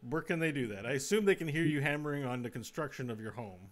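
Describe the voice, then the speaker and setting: A man hosting a casual comedy podcast, joking around with his co-hosts and trailing off quietly at the ends of his jokes. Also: medium pitch, expressive, quick pace. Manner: jokey, laughs loudly, trails off quietly. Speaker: podcast host.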